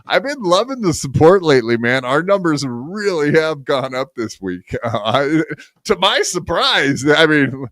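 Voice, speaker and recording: A man's voice: fairly high pitch, a little slow, dry recording, clean studio sound. A man hosting a podcast in casual chat, joking and mocking himself. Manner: joking, self-mocking, lively delivery. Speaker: podcast host.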